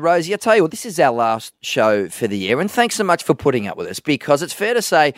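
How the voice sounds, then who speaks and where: An Australian man co-hosting a sports radio show, chatting quickly in casual banter and laughing easily. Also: on the high side, big pitch swings, no echo, clean studio sound. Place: dry radio studio.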